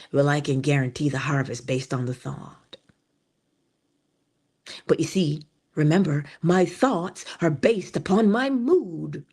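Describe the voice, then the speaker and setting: A woman's voice: low voice, breathy edge. Emphatic woman giving a motivational talk. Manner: emphatic, drops to a whisper for key phrases; animated, laughs and acts out little scenes. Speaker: host of a morning inspiration stream.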